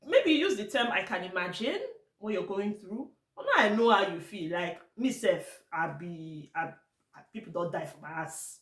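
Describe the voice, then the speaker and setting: A woman's voice: mid-range voice, expressive, moderate pace, fairly bright tone, reverberant. A Nigerian woman vlogging to camera in a casual, blunt and exasperated way, slipping into Pidgin now and then.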